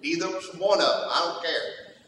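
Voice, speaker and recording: A man's voice: fairly high pitch, fairly even intonation, normal speed, bright, forceful tone, slight background noise. A man preaching a sermon in a folksy, humorous storytelling manner. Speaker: pastor. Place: church sanctuary. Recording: echoey church hall from far off.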